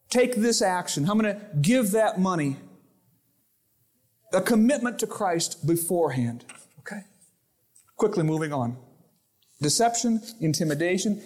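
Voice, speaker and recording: A man preaching a sermon to his congregation, lively, acting out the voices in his quotes and stories. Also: sits high, moderate pace, pauses often. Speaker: pastor. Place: church sanctuary.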